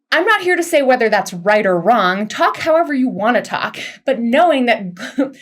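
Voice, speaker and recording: Chatty woman coaching on careers. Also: a little high. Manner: lively, chatty, laughs often. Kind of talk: webinar presentation.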